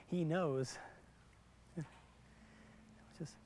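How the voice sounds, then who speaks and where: A man's voice: fairly high pitch, takes it slowly, pauses often. A middle-aged man working as a dog trainer, explaining steps patiently and repeating words for emphasis in an instructional demonstration outdoors.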